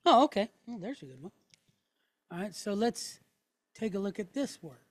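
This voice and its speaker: A woman's voice: mid-range voice, expressive, moderate pace, dry recording. A middle-aged woman teaching a Hebrew class, explaining step by step and checking in with the room after each point. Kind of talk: classroom lesson.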